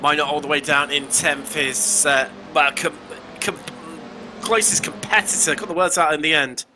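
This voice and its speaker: A man with a West Country accent commentating on an online race, jokey and excitable, often stumbling over words and correcting himself. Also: on the high side, moderate pace, music in the background. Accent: West Country English. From England. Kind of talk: sim racing commentary.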